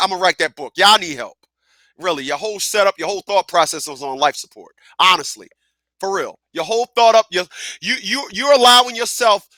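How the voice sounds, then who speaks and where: A man hosting a live talk radio show who talks in an animated, profane way, laughs often and repeats himself. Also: high-pitched, no room sound.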